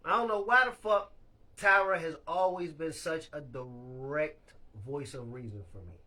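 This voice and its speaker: A man's voice: on the high side, measured pace, sharp tone. A man hosting a casual live chat, talking candidly and loosely, laughing often and swearing freely. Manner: speaks of being a leader. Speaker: live stream host.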